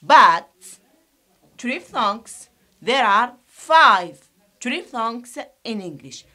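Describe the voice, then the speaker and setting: A woman teaching an English pronunciation lesson, slowly and deliberately, repeating each sound for her students and explaining some points in Arabic. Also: on the high side, expressive, bright, forceful tone. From Algeria.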